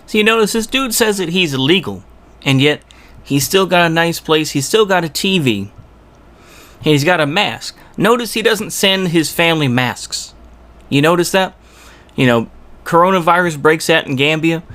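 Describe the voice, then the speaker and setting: A man's voice: fairly high pitch, expressive, normal speed, fairly bright tone. A man giving rambling reaction commentary on a video, exasperated and full of rhetorical asides.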